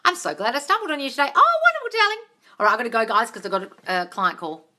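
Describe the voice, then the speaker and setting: Racing along in a slightly high, sing-song voice that sounds pushed and bright, an Australian manifestation coach runs a live Q&A. She reads out viewer comments, addresses people as darling, and swears casually.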